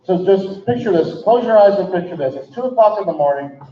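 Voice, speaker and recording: A man's voice: high voice, animated, fairly quick, slight background noise. A man acting as master of ceremonies, setting the scene for the guests with dry, self-deprecating humor. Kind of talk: event speech with storytelling. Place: indoor event hall. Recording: echoey, dull hall recording.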